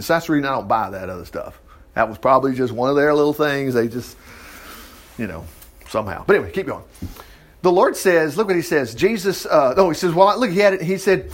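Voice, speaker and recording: Animated folksy preacher man. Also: fairly high pitch, fairly quick. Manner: folksy, animated, reads scripture aloud with asides. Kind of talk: Bible teaching.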